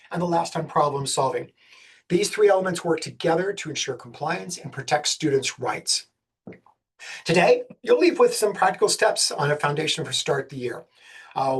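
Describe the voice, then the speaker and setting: Fast-talking husky man presenting. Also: on the high side. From Southern United States. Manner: fast-talking, energetic, jokey asides. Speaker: special education law presenter. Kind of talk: webinar presentation.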